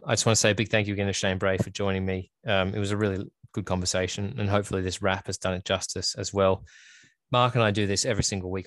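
A hoarse man closes out his podcast in a rambling, earnest, self-deprecating way. His voice sits fairly low and stays flat, with little rise and fall. The sound is dry and close. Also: no echo. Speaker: podcast host. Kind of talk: solo podcast wrap-up.

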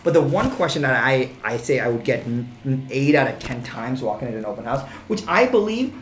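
A man hosting a casual conversation, animated and acting out the exchanges he quotes. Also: mid-range voice, fairly quick. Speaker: podcast host. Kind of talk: casual chat. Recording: echoey room with faint background noise.

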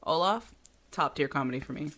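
Female podcast co-host, low-pitched, lively, foul-mouthed and blunt. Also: a little fast. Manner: blunt, swears constantly, laughs often. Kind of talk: casual chat.

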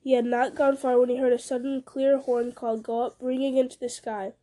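Brief: high-voiced woman narrator, brisk storybook reading. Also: level tone, mellow. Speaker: audiobook narrator.

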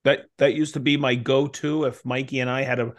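A man's voice: level tone, a little fast. A man co-hosting a podcast in casual chat, acting out the people in his stories with a raised voice. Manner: acts out quoted voices in a higher pitch. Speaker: podcast co-host.

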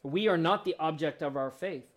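A man preaching a sermon with emotional swings, building to loud peaks and then dropping to a soft, low voice. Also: normal speed. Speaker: pastor.

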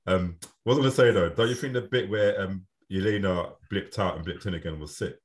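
A deep-voiced man chats loosely about films on a podcast. He is laid-back, leans on slang and trails off into fillers. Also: a little fast. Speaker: podcast co-host. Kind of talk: casual chat about films.

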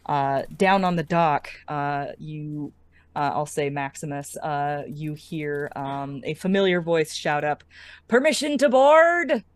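A woman's voice: sits low, fairly even intonation, slow pace, clear, resonant tone, dry recording. A woman narrating as game master, rambling and hesitant with many fillers.

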